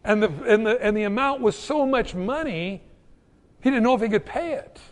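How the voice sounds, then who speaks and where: A middle-aged man preaching a sermon as pastor, telling stories with lively restarts. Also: very high-pitched, moderate pace. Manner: animated storytelling with repeated restarts. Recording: long hall reverb.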